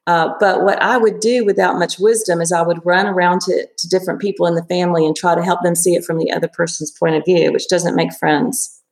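A woman in her fifties, a therapist, talking thoughtfully in an interview with many pauses and restarts. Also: lowish voice, steady tone, reverberant. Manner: reflective, hesitant with many restarts and fillers. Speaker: therapist guest. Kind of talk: casual interview.

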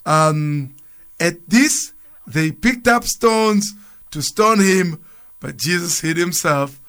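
A church speaker on a radio program reads scripture aloud before commenting in a loose, conversational style marked by restarts and chuckles. The voice sits high, is slow, and has a fairly bright, clean tone.

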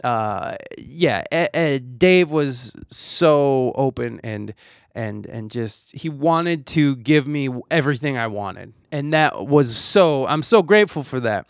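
A man's voice: medium pitch, expressive, slow, creaky, no echo, studio quality. A young man hosting a podcast, talking in a rambling, profane, self-deprecating way. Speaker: podcast host. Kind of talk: casual solo chat.

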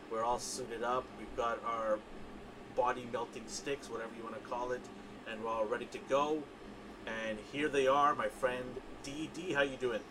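A man's voice: medium pitch, background noise. Upbeat man hosting a casual podcast. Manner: upbeat, laughs often, leads the talk. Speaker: podcast host.

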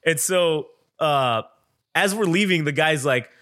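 A man's voice: on the high side, unhurried, a bit bright. A man hosting a podcast, telling a story in casual chat, swearing freely and acting out what other people said. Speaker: podcast host.

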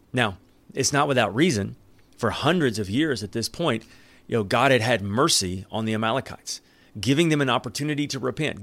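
A man preaching a sermon, reading scripture aloud and commenting on it in an earnest, emphatic way with dramatic pauses. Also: medium pitch, fairly bright tone, no echo. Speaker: pastor.

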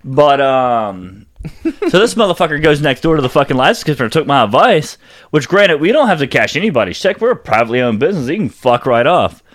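A man's voice: a little high, very animated, a little fast. A man, telling a rambling, profane story in casual podcast chat, with lots of "I was like.". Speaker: podcast co-host.

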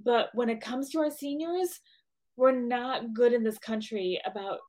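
A woman's voice: a little high, measured pace, a little mellow. A woman who runs her own business, talking earnestly and emotionally as a podcast guest, with frequent restarts. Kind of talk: casual podcast chat.

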